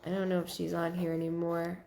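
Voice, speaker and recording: A woman hosting a live stream as a psychic medium. She thanks viewers by name and relays messages in a searching, halting way. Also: fairly low pitch, completely flat delivery, vocal fry, warm tone.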